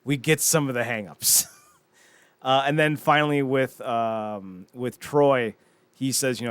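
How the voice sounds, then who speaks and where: A man recaps a TV episode for his podcast co-host, stumbling through restarts and acting out quoted lines. His voice sits at an ordinary pitch. The sound is dry and close. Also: unhurried, clean tone, no echo. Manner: rambling, animated retelling with restarts and quoted lines. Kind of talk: casual chat recapping a TV episode.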